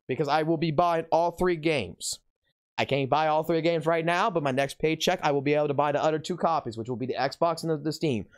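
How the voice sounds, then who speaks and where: A man talks straight to his stream audience in a loose, casual way, swearing constantly as he rants. His voice sits a little higher than most men's. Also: smooth. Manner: profane, ranting, heavy cursing. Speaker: game streamer, host. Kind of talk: casual livestream talk.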